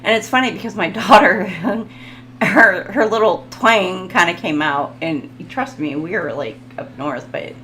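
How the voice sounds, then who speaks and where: A woman's voice: fairly low pitch, measured pace, fairly bright tone, reverberant, a little hiss or hum, poor audio. A woman giving a casual tarot reading, rambling, giggling and reading card text aloud. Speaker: tarot reader.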